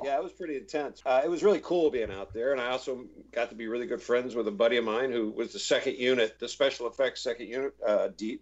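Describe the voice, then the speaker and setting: A middle-aged man, an actor, telling rambling anecdotes in a relaxed interview and acting out the voices of people he quotes. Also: mid-range voice. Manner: chatty, many restarts, acts out quoted voices. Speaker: actor guest. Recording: slightly dull, muffled audio.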